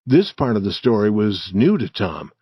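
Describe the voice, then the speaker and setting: A man narrating an audiobook story for English learners in a slow, clear, deliberate reading. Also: lowish voice, sing-song, dry recording, muffled recording.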